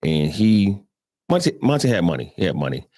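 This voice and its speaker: A man's voice: sits low, sing-song, fairly quick, a little mellow, no echo, clean studio sound. A middle-aged man from Brooklyn with a New York accent, rambling through profane personal stories as a morning show host, with asides to his listeners. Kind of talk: casual storytelling chat.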